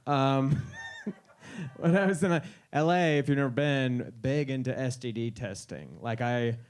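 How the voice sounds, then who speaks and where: A man's voice: medium pitch, a little mellow. A man in his thirties doing a stand-up comedy set on a live stage, wry and incredulous, slipping into quoted voices.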